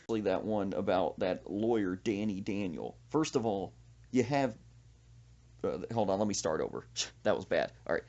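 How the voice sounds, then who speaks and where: Host, comic storyteller, dull lo-fi sound. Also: male voice, lowish voice, expressive, unhurried, a little mellow. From Central Texas. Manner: storytelling with laughs and quoted voices. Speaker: podcast host. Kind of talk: comic casual chat.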